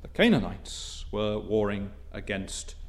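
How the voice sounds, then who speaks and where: A man preaching a sermon in formal, old-fashioned wording, dropping to soft low asides and climbing to stressed, emphatic phrases. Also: animated, slow pace.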